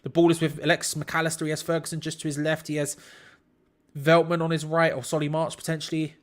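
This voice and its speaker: A man's voice: fairly high pitch, flat delivery, quick pace. A man hosting a live football watch-along, commenting on play to his chat in disbelief and laughing at bad defending.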